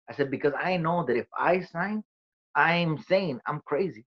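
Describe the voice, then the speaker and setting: A comedian being interviewed tells his own story in a casual, profane, streetwise style, acting out the dialogue he quotes. His male voice is a little high at a moderate pace, on a dull lo-fi recording.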